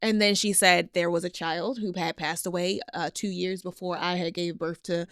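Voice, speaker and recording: Animated woman telling stories as a guest. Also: on the low side, moderate pace, smooth, no echo, studio quality. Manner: animated storyteller, acts out quotes, laughs often. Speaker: podcast guest. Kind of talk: casual chat.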